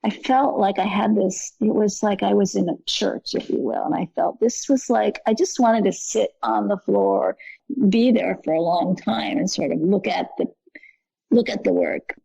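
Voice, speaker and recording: A woman guest with a very gravelly, husky voice talks in a rambling, earnest way and keeps correcting herself. Her tone is mellow and the recording is dry and a little dull. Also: mid-range voice, normal speed, dry recording. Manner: rambling, earnest, with frequent self-corrections and soft laughs. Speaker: guest artist. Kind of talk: casual conversation.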